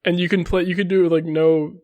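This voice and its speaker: A young man with a fairly high voice chats casually on a podcast. He is hesitant and pads nearly every phrase with "like". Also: flat delivery, fairly quick, narrow, tinny audio. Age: young adult. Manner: hesitant, heavy use of "like". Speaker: podcast co-host. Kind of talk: casual chat.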